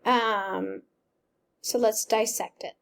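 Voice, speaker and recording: A woman's voice: medium pitch, fairly even intonation, slow pace, gravelly. A woman teacher reading a novel aloud and patiently sounding out words step by step.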